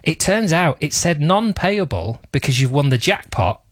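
A man's voice: on the high side, big pitch swings, normal speed. Playful man hosting radio. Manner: playful storytelling, teasing. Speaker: radio host. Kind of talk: casual radio chat. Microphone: studio microphone.

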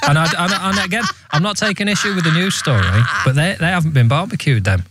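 A man's voice: on the high side, animated, fairly quick, heavy background noise. A man hosting a radio show, bantering casually and chuckling as he talks. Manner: jokey, chuckling. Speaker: radio host.

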